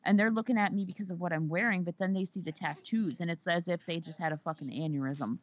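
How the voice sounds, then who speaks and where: A woman's voice: lowish voice, fast talker. Chatty, profane woman podcast host. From Southern United States. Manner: profane, chatty, repeats words for emphasis. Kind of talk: casual chat. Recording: slightly dull audio.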